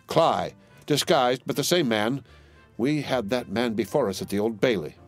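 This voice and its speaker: A man voicing a sharp, sardonic young English barrister who speaks in a cool, deliberate way. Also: medium pitch, soft background music, pitched above the performer's own voice, natural voice. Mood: musing.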